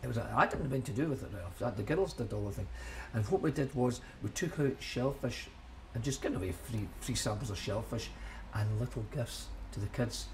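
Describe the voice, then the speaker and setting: An older Scottish man in his seventies looks back on decades of running his shop. He rambles in a friendly way, repeats phrases as he gathers his thoughts, and his voice sits at an ordinary middle pitch. Faint ambient noise hums behind him. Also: fairly quick. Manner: chatty, rambling, repeats himself, chuckles at memories. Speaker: shellfish shop owner. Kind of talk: reminiscing in a documentary interview.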